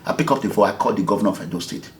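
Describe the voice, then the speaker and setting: A man's voice: on the low side, very fast. A Nigerian man from Edo State, an activist, giving an interview and telling a story with emphasis, acting out both sides of the conversations he recounts. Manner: animated, emphatic, acts out the dialogue. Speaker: activist, movement leader. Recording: echoey room.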